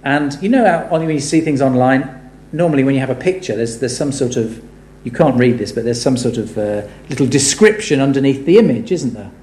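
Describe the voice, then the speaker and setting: A man preaching a sermon, animated and building to emphatic rhetorical questions. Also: mid-range voice, brisk. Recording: echoey room.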